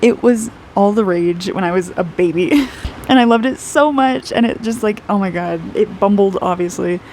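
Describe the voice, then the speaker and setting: A woman's voice: medium pitch, moderate pace, a little mellow, slight background noise. A woman in her twenties giving a casual intuitive aura reading while she draws, chatty and rambling, dropping "like" often and laughing a lot. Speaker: aura reader and artist.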